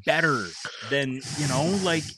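A man's voice: a little high, a little slow, noisy background. A man hosting a casual podcast chat, talking emphatically and reading questions from the chat. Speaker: podcast host.

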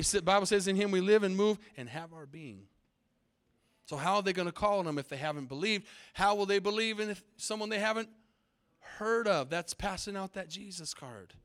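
Emphatic man preaching, high-pitched voice. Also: fairly bright tone. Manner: emphatic call-and-response preaching. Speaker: pastor. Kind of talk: sermon. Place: church sanctuary.

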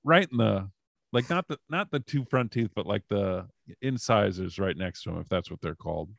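A man's voice: on the low side, expressive, moderate pace, vocal fry, dry recording. A man guest on a podcast telling casual stories in a rambling way, with many fillers and restarts. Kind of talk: casual storytelling.

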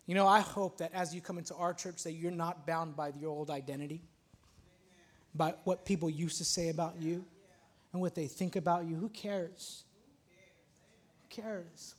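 Male pastor, high-pitched voice, preaching with rising fervor. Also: normal speed. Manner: preaching with rising intensity, reads a poem aloud. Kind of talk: sermon.

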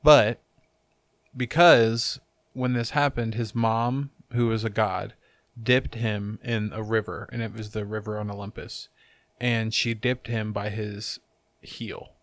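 A man's voice: lowish voice, fairly even intonation, takes it slowly, a bit bright, no room sound. A young man hosting a podcast, talking in a laid-back, rambling, teasing way. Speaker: podcast host. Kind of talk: casual chat.

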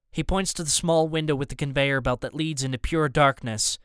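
Brief: male audiobook narrator, first person, tense and steady, smooth tone. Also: on the high side, fairly quick, no echo, studio quality.

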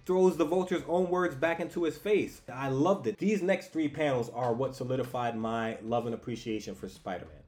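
A man reviewing a comic book in a casual, enthusiastic and animated way. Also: medium pitch, moderate pace, hardly any pauses, soft background music. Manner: animated and enthusiastic, with frequent restarts. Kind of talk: casual commentary.

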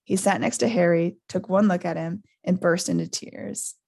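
Woman, gravelly voice, live read-aloud, character voices, chatty laughing asides. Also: lowish voice, moderate pace. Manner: reads with animated character voices, laughs often. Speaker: podcast host reading a book aloud. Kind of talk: live book reading with commentary.

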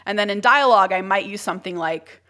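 A young woman co-hosts a relaxed podcast. She is chatty and laughs easily, and her speech rushes forward in quick bursts. Her voice sits at an everyday middle pitch. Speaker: podcast co-host. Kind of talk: casual podcast chat.

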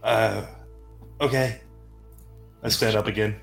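A man's voice: lowish voice, takes it slowly, creaky, soft background music. A man playing his character in a tabletop game, speaking in a playful, joking way. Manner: playful, deadpan jokes. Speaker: player.

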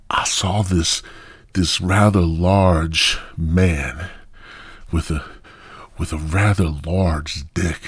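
Husky slow-talking man telling a crude story. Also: low voice. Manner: profane, swings between loud and hushed whispers. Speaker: podcast host.

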